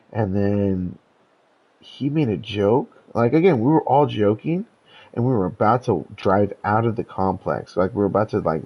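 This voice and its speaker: A man's voice: fairly low pitch, dull audio. A young man telling a story in casual chat, rambling and profane, with lots of stammered restarts. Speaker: podcast host telling a story.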